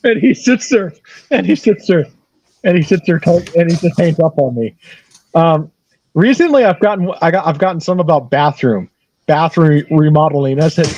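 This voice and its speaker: A man's voice: fairly high pitch, animated, normal speed, pauses often, a little mellow. A man telling casual stories as an interview guest, rambling, repeating phrases and laughing at his own tales. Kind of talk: casual storytelling. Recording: dull lo-fi dry recording.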